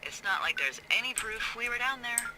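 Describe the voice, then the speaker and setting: A woman's voice: on the high side, expressive, moderate pace, close to an everyday voice. A woman voicing a teasing, wry female fire lookout who banters over the radio. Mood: musing. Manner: playful, flirty banter. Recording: heavy background noise in game audio.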